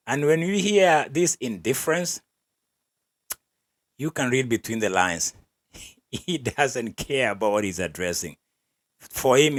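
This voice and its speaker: A man hosting an athletics podcast, giving wry, opinionated commentary and laughing between remarks. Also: mid-range voice. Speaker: podcast host.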